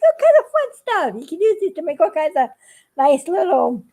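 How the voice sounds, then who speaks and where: An older woman with a high, gravelly voice that swoops widely up and down. She chats in a folksy, rambling way and breaks into giggles often, like a casual crafting vlog. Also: big pitch swings, moderate pace, dark tone. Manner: giggly, laughs often between lines. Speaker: craft video maker.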